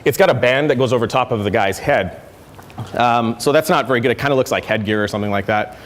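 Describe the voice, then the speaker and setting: A man's voice: medium pitch, quick pace, in a large hall. A man giving a conference talk, conversational and self-correcting with frequent fillers. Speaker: conference speaker. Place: lecture hall.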